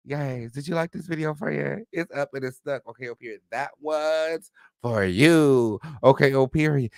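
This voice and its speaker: Gravelly, sassy livestream host man. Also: mid-range voice, a little slow, dry recording, studio quality. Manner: flamboyant, sing-song shout-outs to viewers; profane, sassy. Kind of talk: casual livestream chat.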